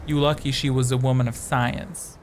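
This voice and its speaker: A man's voice: mid-range voice, flat delivery, normal speed, a little hiss or hum. Rambling, chatty male quiz streamer. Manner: rambling, chatty, jokey asides. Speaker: streamer hosting a quiz game. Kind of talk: casual live-stream chat.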